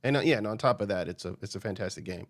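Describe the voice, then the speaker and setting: Rambling American man, low and dry. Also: very fast, dry recording. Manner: rambling, full of restarts. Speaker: podcast host. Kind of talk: casual podcast chat.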